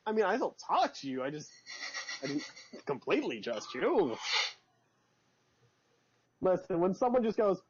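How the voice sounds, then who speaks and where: A man's voice: high voice, sing-song, unhurried, pauses often, breathy edge. Rambling man in tabletop role-play. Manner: rambling, hesitant, jokey, acts out lines. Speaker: player. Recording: lo-fi dull recording.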